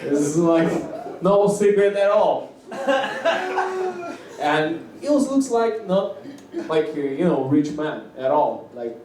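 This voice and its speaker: A man's voice: high voice, wildly swooping pitch, darkish tone. Giggly man with a Russian accent, echoey. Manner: halting, restarting phrases, giggling between lines. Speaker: stand-up comedian. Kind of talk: stand-up comedy set. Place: comedy club open-mic stage. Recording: echoey room, distant mic, faint noise.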